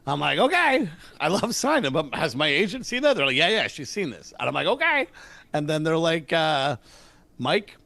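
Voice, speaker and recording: A middle-aged man, a comedian guest, telling stories in a casual interview and acting out the dialogue with lively voices. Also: fairly high pitch, moderate pace, vocal fry, dry recording. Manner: energetic, acts out dialogue with voices.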